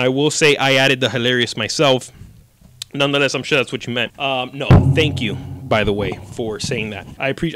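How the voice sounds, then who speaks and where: A man's voice: mid-range voice, sharp tone, dry recording. A young man, hosting a casual solo podcast and telling stories in a profane, jokey way. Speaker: podcast host.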